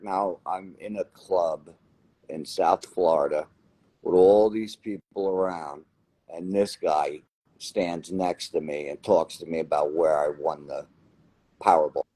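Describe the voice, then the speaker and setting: Husky low-voiced New Jersey man. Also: unhurried, no echo, poor audio. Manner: animated, repeats phrases for emphasis. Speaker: lottery winner guest. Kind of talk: casual interview storytelling.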